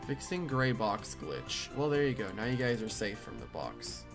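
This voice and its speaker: A tired young man streams a game and answers chat questions offhand, his medium-pitched voice sing-song yet flat with fatigue. He talks at a normal speed in this casual live-stream chat, with game music playing behind him.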